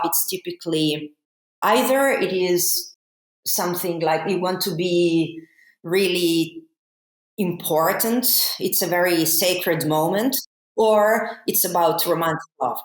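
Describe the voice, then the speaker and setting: A woman's voice: on the low side, measured pace. A woman, a philosophy guest on a podcast, explaining her ideas thoughtfully with frequent fillers. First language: Italian. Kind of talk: academic podcast conversation. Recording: echoey room.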